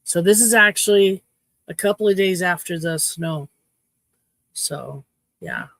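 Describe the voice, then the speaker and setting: A woman's voice: on the low side, unhurried, vocal fry, a bit bright, no echo. A woman in her fifties from Canada, casually chatting with her livestream viewers in a cheeky, playful way. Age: 50s. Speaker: livestream host.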